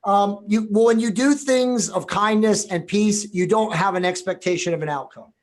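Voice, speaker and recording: A man's voice: sits high, normal speed. A man hosting a casual spiritual discussion, talking in a rambling way with many fillers. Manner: rambling, filler-heavy questions. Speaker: podcast host.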